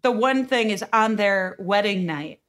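A woman's voice: medium pitch, lively intonation, unhurried, fairly bright tone. A woman chatting casually about a book and adding wry quips. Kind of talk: casual chat.

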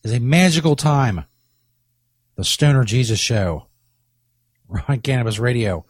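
A man's voice: mid-range voice, lively intonation, measured pace, long pauses, breathy edge, no echo. A man hosting a comedy podcast with a rambling, boastful, profane monologue, coming down with a cold. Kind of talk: crude comic monologue.

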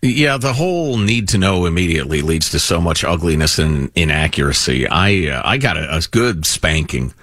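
A man co-hosting a talk radio show, adding brief, measured remarks in casual chat. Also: low voice, lively intonation, a bit bright, no room sound, studio quality.

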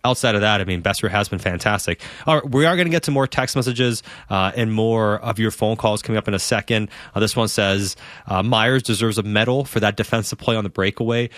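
Fast-talking radio sports host. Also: male voice, lowish voice, a bit bright, no echo, studio quality. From Canada. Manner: emphatic, rhetorical questions. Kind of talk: post-game call-in show chat.

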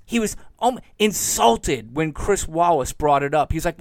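A man's voice: fairly high pitch, animated, measured pace, fairly bright tone, dry recording. A man from Florida hosting a solo political podcast from home, sarcastic and getting worked up as he goes. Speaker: podcast host. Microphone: home recording mic.

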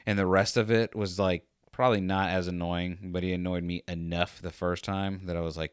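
A man hosting a podcast, telling a rambling, animated anecdote in a casual monologue and acting out the quotes as he goes. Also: low voice, fairly quick, clean tone, no room sound, clean studio sound. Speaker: podcast host.

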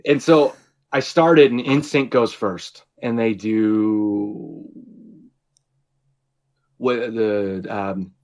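A man's voice: lowish voice, steady tone, drawn-out words, pauses often, darkish tone. A man co-hosting a podcast in casual chat, telling a story animatedly with frequent swearing and laughter. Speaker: podcast co-host.

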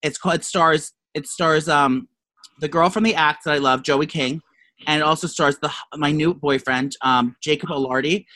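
A man's voice: fairly high pitch, steady tone, normal speed, bright, forceful tone, poor audio. A man co-hosting a podcast in casual chat, gushing, profane and rambling. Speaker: podcast co-host.

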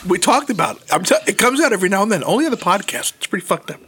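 Lively, laughing man telling stories on a podcast. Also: high voice, rapid-fire, slightly rough. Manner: profane, laughing storyteller. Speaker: podcast host. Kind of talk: casual podcast chat.

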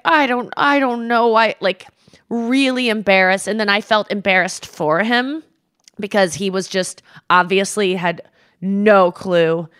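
This podcast co-host is a young woman with a smooth voice, captured in clean studio sound without any room echo. Chatting casually through a story, she's animated, curses without hesitation, and voices quotes as shrill yells.

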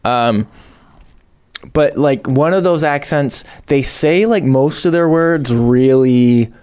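A man's voice: mid-range voice, takes it slowly, darkish tone, smooth. A man co-hosting a podcast, chatting casually and rambling with lots of filler "likes.". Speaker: podcast co-host. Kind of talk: casual chat.

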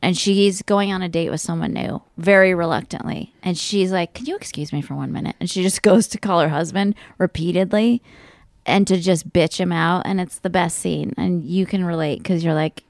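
A woman singer-songwriter who is a guest on a podcast, describing a favorite film in a relaxed, enthusiastic way. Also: fairly low pitch, moderate pace, no echo, studio quality. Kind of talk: casual studio chat.

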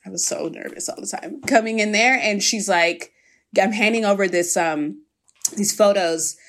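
A woman's voice: medium pitch, moderate pace. A woman in casual conversation, telling a story with animation and acting out the voices of people she quotes.

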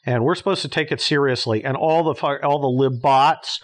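A man hosting his own podcast, holding forth alone in a blunt, sarcastic rant. He swears freely and trips over his own sentences, restarting them as he pushes his point. His pitch sits in the middle for a man. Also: normal speed. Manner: blunt, sarcastic, profane ranting with frequent restarts. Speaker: podcast host. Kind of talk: casual monologue.

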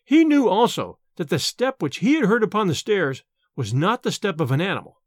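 Expressive man narrating a horror story. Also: sits high, moderate pace, no echo, studio quality. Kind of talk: scripted audiobook narration.

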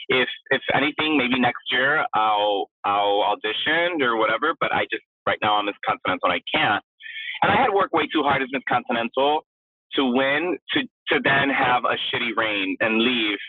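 A man who is a drag performer, a guest telling his story in a casual interview, animated and acting out the voices of the people he quotes. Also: fairly low pitch, no echo. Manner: animated, acts out quoted voices, says "blah, blah, blah". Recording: tinny phone-line sound, husky and dry.

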